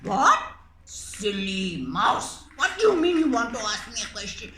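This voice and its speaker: A woman voicing a hungry, impatient male cat who scolds loudly and gruffly in a puppet story. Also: fairly high pitch, big pitch swings, a little slow, roomy sound, noisy background. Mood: scornful.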